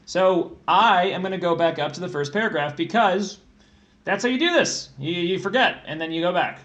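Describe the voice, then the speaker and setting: A man's voice: sits high, moderate pace, fairly bright tone, highs cut off. A man tutoring test prep on a livestream, joking and thinking aloud while he reads through questions.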